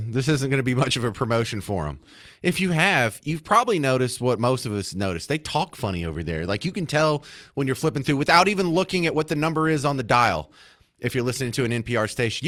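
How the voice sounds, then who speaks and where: A man's voice: medium pitch, quick pace, no room sound, studio quality. A man hosting a talk radio show, delivering an opinionated, sarcastic monologue. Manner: sarcastic, mocking, animated.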